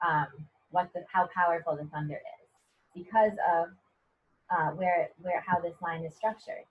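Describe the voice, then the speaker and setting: A woman's voice: fairly low pitch, breathy edge. A middle-aged American woman, a poet and professor, teaching a poetry workshop over a video call in a conversational way, often checking in with "right?". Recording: dull lo-fi video call audio.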